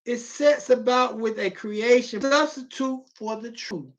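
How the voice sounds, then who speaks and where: A preacher delivering an emphatic, pleading sermon, reading scripture aloud with repeated phrases and bursts of shouting. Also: mid-range voice, measured pace.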